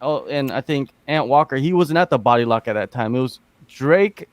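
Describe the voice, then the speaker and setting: A man's voice: medium pitch, lively intonation, moderate pace, no echo. A man with an American accent hosting a casual podcast chat, asking rambling, filler-heavy questions. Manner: laid-back, rambling questions with many fillers. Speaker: podcast host.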